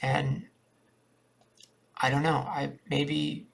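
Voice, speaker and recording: A man's voice: fairly high pitch, little pitch movement, extremely slow, vocal fry. A man rambling in a downbeat, repetitive confessional monologue to a cheap webcam at home. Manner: downbeat, repetitive, thinking aloud. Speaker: vlogger.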